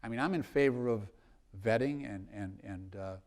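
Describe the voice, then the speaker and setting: A congressman from South Boston spins rambling anecdotes during a live interview, restarting many times. His voice is fairly low and a little mellow, at a moderate pace.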